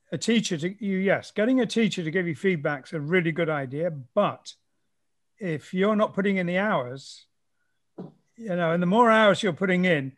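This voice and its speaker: High-voiced man explaining at length. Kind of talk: casual explanatory conversation.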